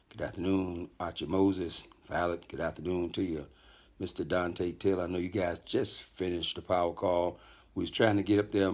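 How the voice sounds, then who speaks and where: Middle-aged male host, low voice, calm and measured, casual motivational live-stream talk. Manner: deliberately calm, greets many viewers by name, repeats himself. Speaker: network marketing leader hosting a live stream. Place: hotel room.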